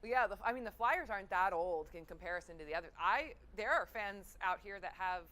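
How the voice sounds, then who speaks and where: A woman's voice: mid-range voice, expressive, brisk, pushed and bright. A woman sports reporter chatting casually on a live local news broadcast, enthusiastic and playful.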